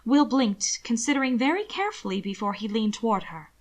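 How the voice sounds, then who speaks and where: A woman reading fiction aloud as narrator, with steady, expressive storytelling. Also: a little high, a little fast. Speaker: audiobook narrator.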